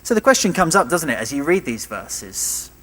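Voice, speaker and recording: A man's voice: fairly high pitch, sing-song, moderate pace, fairly bright tone, poor audio. Man preaching with rhetorical questions. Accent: British. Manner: emphatic, rhetorical tag questions. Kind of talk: sermon.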